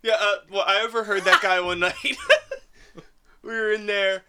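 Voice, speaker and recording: A man in casual chat, telling a story slowly with laughs mixed in. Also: sits high, fairly even intonation, noisy background.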